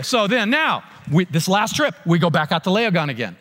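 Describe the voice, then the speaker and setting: A man preaching a sermon, telling a mission story with animated, acted-out dialogue and frequent restarts. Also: high-pitched, normal speed, few pauses, long reverb tail, a faint crowd, a little hiss or hum. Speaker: pastor.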